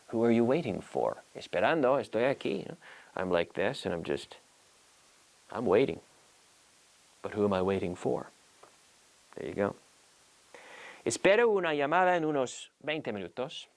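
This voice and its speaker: A man hosting a language-learning show, teaching in a lively, playful way and acting out little scenes as examples. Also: mid-range voice, normal speed, gravelly, pauses often. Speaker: English teacher and show host. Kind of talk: bilingual language lesson.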